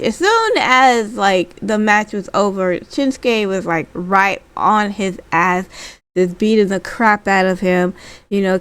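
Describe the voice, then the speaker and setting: A woman's voice: mid-range voice, clear, resonant tone. A woman recapping wrestling in a casual, rambling way, with lots of fillers and restarts. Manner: acts out quotes in a lively voice.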